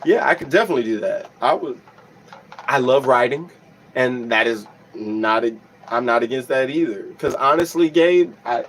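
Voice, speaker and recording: A young man hosting a casual livestream as a musician, reading comments aloud and thanking his viewers warmly, often restarting his sentences. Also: mid-range voice, lively intonation, normal speed, slight background noise, rough recording. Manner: reads chat aloud, grateful and emotional, many restarts.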